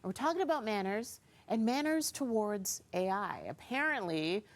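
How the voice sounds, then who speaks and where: A woman's voice: mid-range voice, lively intonation, moderate pace. A woman hosting a morning TV show, chatting casually on the studio couch and laughing often.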